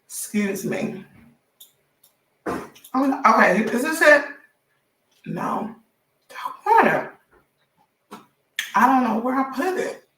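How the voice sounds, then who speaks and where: A woman with a hoarse, bright, sharp-edged voice chats casually through a gossip livestream, calling out to her viewers as she goes. She sits a little back from the mic. The room around her rings with echo. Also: sits high, sing-song, very slow, long pauses, distant mic. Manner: chatty, addresses viewers directly as y'all. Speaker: celebrity gossip livestream host.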